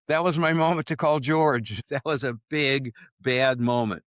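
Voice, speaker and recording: A man in his seventies, a guest author telling a personal story in an interview, animated and acting out the voices of people he quotes. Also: medium pitch, a little slow, few pauses, dry recording. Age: 70s.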